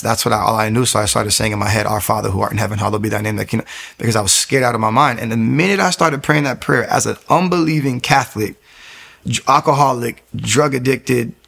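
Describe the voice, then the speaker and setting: A young American man in his twenties, a guest, shares his personal testimony as casual storytelling, earnest and rambling with many restarts. His mid-range voice is gravelly, a bit bright, slightly rough, and a little fast.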